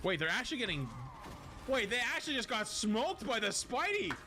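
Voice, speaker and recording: A young man streaming and commentating on a game in a casual, rambling way, joking in quick asides. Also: extremely high pitch, big pitch swings, background noise. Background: game music.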